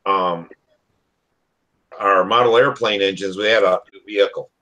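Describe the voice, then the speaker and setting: A man's voice: deep voice, fairly even intonation, unhurried, pushed and bright, poor audio. A man rambling through anecdotes in a casual video call chat. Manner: rambling storyteller. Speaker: hangout participant.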